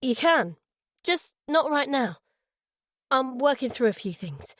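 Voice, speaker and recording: Audiobook role: a woman doing a guilt-ridden father, forced brightness over strain, kept near her own voice. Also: high-pitched, big pitch swings, slow, no room sound, studio quality, voice pushed up, exaggerated voice. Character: guilt-ridden young father, forcing lightness.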